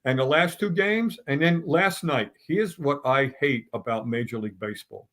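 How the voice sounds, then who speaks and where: A man's voice: medium pitch, lively intonation, moderate pace, a bit bright. A middle-aged man on a sports talk round table, ranting bluntly and stumbling through restarts as he builds his points.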